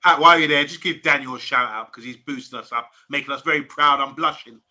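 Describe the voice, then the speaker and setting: A man's voice: mid-range voice, fast, sharp tone. A man speaking as an upbeat, chatty panelist on a live football fan stream. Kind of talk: casual live-stream chat.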